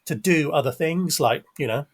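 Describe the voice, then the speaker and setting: A chatty middle-aged man from England hosts a podcast in an easy, upbeat way. His voice sits a little high for a man. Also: normal speed, husky. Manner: chatty, upbeat, self-mocking. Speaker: podcast host. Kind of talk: casual podcast chat.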